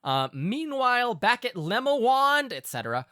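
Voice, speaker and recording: A woman's voice: on the high side, big pitch swings, moderate pace, a bit bright, no room sound, studio quality. A woman running a tabletop game, narrating with playful, rambling asides. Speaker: game master.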